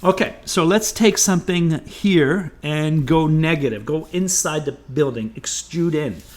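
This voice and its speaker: A man's voice: fairly high pitch, unhurried. A man teaching a drawing class, chatty and encouraging, thinking aloud as he sketches. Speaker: art teacher. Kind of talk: drawing tutorial.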